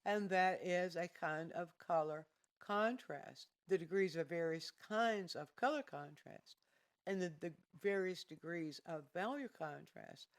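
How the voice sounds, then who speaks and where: Painting instructor, livestreamed art lesson, calm deliberate explaining, repeats key phrases, mid-pitched voice.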